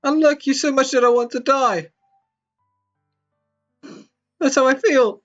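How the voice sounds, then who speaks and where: A man voicing a cheerful but fragile young girl from a game, speaking high and wavering as if near tears. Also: a little fast, fairly bright tone, lo-fi sound, soft background music. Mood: scared.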